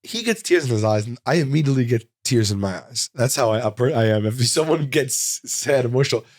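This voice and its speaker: A man in his forties, a comedian guest, telling a rambling, animated anecdote in a casual interview, full of "like.". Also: mid-range voice, brisk, no room sound, studio quality.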